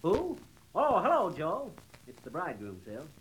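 A man's voice: high voice, huge pitch swings, normal speed, noisy background. An actor playing a boastful, blustering middle-aged man in 1940s radio comedy acting, with a brash, wisecracking delivery. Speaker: show lead.

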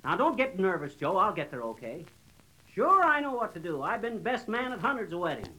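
A man's voice: sits high, very animated, a little fast, pushed and bright, full character voice, rough recording. An actor playing a boastful, blustering middle-aged man in 1940s radio comedy acting, with a brash, wisecracking delivery. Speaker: show lead.

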